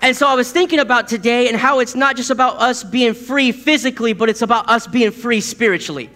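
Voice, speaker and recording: A man in his thirties delivers a sermon in a very high, bright voice. He tells stories with a chuckle and repeats key words for emphasis. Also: fairly quick. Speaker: preacher.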